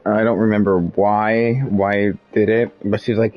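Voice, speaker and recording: A man's voice: on the low side, moderate pace, no room sound. A young man streaming a game, chatting casually and rambling about his day. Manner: rambling, relaxed, chuckling. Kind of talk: casual gameplay chat. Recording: dull lo-fi mic with faint game music.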